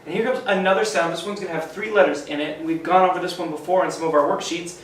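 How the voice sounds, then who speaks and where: A man's voice: sits high, fairly even intonation, slight background noise. A man teaching a phonics lesson to children, sounding out letters one by one and cheering the class on. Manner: slow, sounds out letters, encouraging. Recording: roomy echo, mic at a distance.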